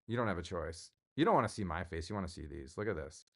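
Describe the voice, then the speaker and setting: A man's voice: low voice, expressive, fast talker, a bit bright. A middle-aged man hosting his own livestream, chatting casually in a rambling, jokey way and answering viewers. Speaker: livestream host.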